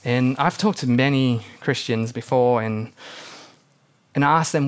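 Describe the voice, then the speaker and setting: A young man preaching a sermon to his church, telling stories with animated energy and acting out the people he quotes. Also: mid-range voice, normal speed. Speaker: pastor.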